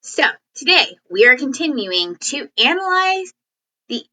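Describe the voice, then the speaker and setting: A woman teacher talks through a lesson in a chatty, animated way, now and then acting out example sentences. Her voice sits a little high and sounds bright and crisp. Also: measured pace, poor audio. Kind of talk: classroom lesson video.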